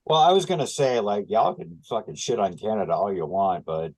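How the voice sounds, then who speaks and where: A man co-hosting a casual podcast chat, animated and full of filler words. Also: fairly low pitch, fairly quick, low-quality recording. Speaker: podcast co-host.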